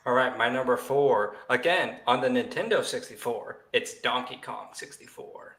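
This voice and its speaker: Podcast guy, bright punchy voice, relaxed, echoey room. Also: medium pitch, normal speed. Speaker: podcast co-host. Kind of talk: casual chat.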